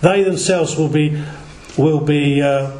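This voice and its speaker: A man preaching to a small gathering, reading scripture slowly and deliberately and sometimes stumbling over words and correcting himself. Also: on the high side, darkish tone. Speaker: lay preacher. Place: small gathering in a reverberant room. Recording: echoey room recording.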